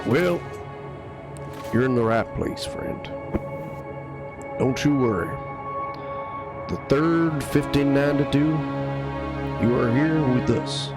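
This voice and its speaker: A man's voice: medium pitch, slow pace, pauses often, loud music behind the voice. A man putting on a Southern accent to play a folksy middle-aged cartoon propane salesman with a drawling voice. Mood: reassuring. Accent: put-on Southern US.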